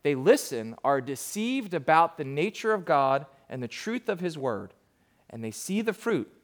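A man with a high, light voice preaches a sermon. His delivery is emphatic but conversational, the way a pastor talks straight to his congregation. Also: big pitch swings, unhurried.

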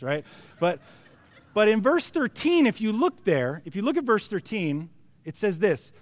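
A man in his forties preaching a sermon in a joking, conversational way, with halting restarts. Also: high-pitched, sing-song, dry recording. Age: 40s. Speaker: pastor.

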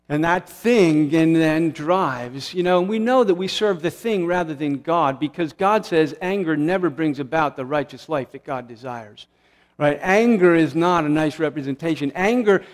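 A man in his forties giving an earnest, conversational sermon as a pastor, with restarts and asides. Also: on the high side. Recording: long hall reverb.

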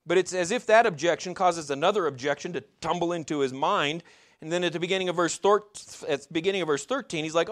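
Male pastor, sermon, conversational, rhetorical questions, slightly high-pitched. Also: fast.

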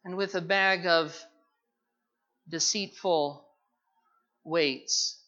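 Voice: mid-range voice, steady tone, extremely slow, sharp tone, muffled recording. A pastor preaching a sermon with passion, pressing the point with repeated rhetorical questions.

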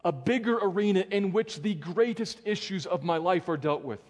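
Pastor guy preaching, earnest, goes quiet and low for the big words, long church echo. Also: lively intonation, normal speed. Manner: earnest, dropping soft and low for emphasis. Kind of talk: sermon. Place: church sanctuary. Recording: long church hall reverb.

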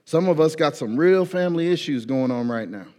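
A man preaching a sermon in a casual, animated way, with slang and acted-out prayers. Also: a little high, fairly quick. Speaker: pastor. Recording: long hall reverb.

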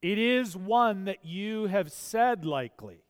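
A pastor delivering a sermon in a high, clear voice that takes its time. He is earnest and leans into emphatic questions. A long reverb from the hall trails each phrase. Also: animated, slow.

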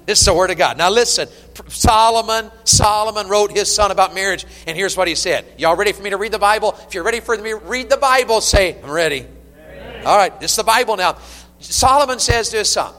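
Animated high-voiced preacher. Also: male voice, a little fast. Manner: animated, folksy preaching with humor. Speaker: pastor. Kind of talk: sermon. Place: church sanctuary. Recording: long reverb of a church hall.

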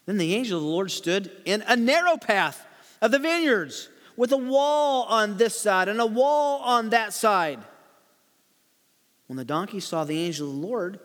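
A man reading and explaining a Bible story to children, with animated storytelling and light chuckles. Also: extremely high pitch, long reverb tail. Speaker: preacher teaching children. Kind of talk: Bible lesson for kids, read-aloud with commentary.

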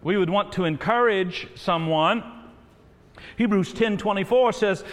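A man preaching a sermon to a congregation, rising to loud exhortation. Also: sits high, a little slow. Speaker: pastor. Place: large church sanctuary. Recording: reverberant church hall.

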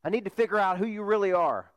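A man preaching while acting out a shaken leader pleading urgently with God, his voice a little higher than his usual. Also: fast, clean tone, close to an everyday voice.

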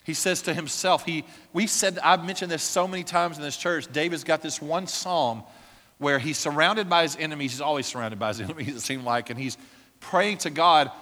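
A man preaching a sermon as a pastor, with impassioned prayer that builds toward shouting. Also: a little high, moderate pace. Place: church. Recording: long reverb of a church hall.

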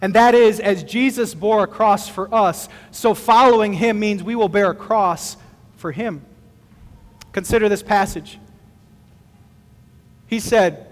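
A middle-aged male pastor delivers a sermon with a very high voice. He talks in an easygoing, conversational way and pokes fun at himself. His voice rings with the long reverb of a large hall. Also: measured pace, pauses often. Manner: conversational storytelling with self-deprecating humor.

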